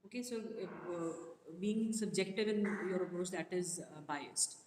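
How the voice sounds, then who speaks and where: A woman's voice: on the low side, normal speed, darkish tone. A woman teaching a class, asking questions and repeating them to her students. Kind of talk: classroom lesson on a play excerpt. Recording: echoey room with long reverb and faint noise.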